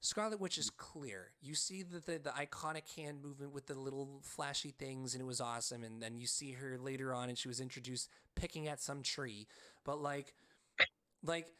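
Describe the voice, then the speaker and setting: Man, podcast co-host, excitable, animated storyteller, casual chat, mid-pitched voice. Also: normal speed. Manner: frequent "like" fillers.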